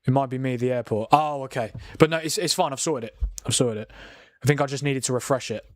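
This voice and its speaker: A man, hosting a live football watchalong and chatting in a rambling, animated way, with plenty of laughs and restarts. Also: medium pitch, fast talker, dry recording, studio quality. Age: 40s. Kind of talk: casual live commentary and chat.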